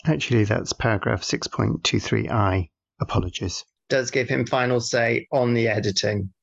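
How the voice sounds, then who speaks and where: A man co-hosting a podcast, bantering casually and reading out mock-formal feedback in a dry, deadpan way. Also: mid-range voice, normal speed. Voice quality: gravelly, husky. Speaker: podcast co-host. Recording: dull lo-fi podcast audio.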